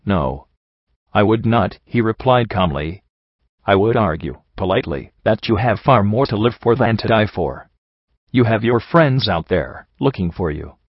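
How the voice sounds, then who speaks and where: A man voicing a calm, sorrowful male pony priest in an audiobook reading, speaking in a measured, gently reasoning way. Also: on the low side, husky, no echo. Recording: dull lo-fi dry recording.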